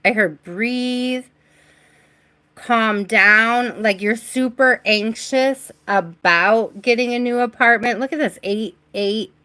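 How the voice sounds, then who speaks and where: A woman's voice: fairly high pitch, slow, sharp tone. A woman doing a live-stream tarot reading, chatty and giggly, talking to her viewers and to spirit, with the hiccups. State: has the hiccups. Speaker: tarot reader. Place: home reading space.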